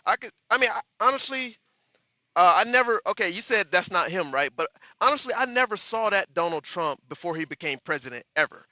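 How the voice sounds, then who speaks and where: A man hosting a live stream talks straight to his chat and reads their comments aloud. His voice is bright and a little high, and he repeats lines like a refrain. The sound is dry and close. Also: lively intonation, brisk, no echo. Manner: talks straight to chat, repeats "understand that", gets loud and firm.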